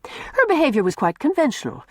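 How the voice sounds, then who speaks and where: A woman's voice: fairly quick, no echo, studio quality. A woman narrating a classic novel as an audiobook, telling the story expressively. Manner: expressive storytelling with varied pitch.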